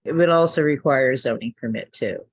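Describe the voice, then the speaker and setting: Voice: mid-range voice, a little fast, breathy edge, no room sound. A committee member argues rules directly at a town meeting, with a voice in the middle range. The recording is close and dry. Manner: argumentative, laughing asides. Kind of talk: municipal committee meeting discussion.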